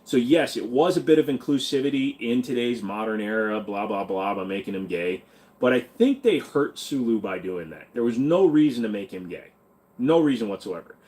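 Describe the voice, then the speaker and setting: A man hosting a casual livestream reads viewer comments aloud and answers them bluntly and irreverently. His voice is medium-pitched, animated, and darkish in tone, at normal speed.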